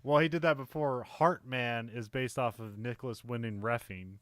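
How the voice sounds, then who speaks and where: A man co-hosts a casual movie podcast, rambling loosely, laughing often and peppering his speech with "like" and "you know." His mid-range, fairly bright voice moves at normal speed and is recorded dry and close with no room sound.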